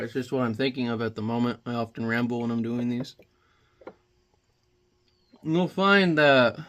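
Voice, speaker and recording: A man chatting casually while he paints, rambling between jokes and quiet reflection. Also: mid-range voice. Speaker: painting vlogger.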